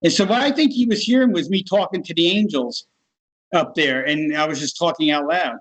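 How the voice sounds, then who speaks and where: A middle-aged man with a fairly high voice tells a personal story in a relaxed, conversational way. He livens it up by acting out the other people's lines in changed voices. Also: brisk, low-quality recording. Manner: animated, acts out other people's voices in his stories. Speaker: guest. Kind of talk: casual storytelling.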